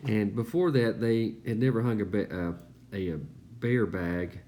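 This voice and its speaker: A man's voice: on the low side, normal speed, mellow, a little hiss or hum. A man, easygoing and full of fillers, telling trail stories as a casual voice-over recap. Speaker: thru-hiker vlogger.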